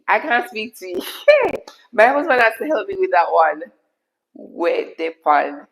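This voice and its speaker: A Jamaican woman from Jamaica hosting a casual live stream from her kitchen, hoarse from being sick, chatty, laughing often and slipping into patois. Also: medium pitch, big pitch swings, a little slow, rough recording. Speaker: YouTube host answering live chat.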